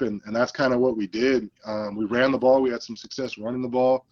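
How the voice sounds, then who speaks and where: A man's voice: medium pitch, brisk, hardly any pauses, highs cut off. A man, a guest and football coach, telling stories in a casual interview and acting out the lines people said. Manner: animated storyteller, acts out quoted lines.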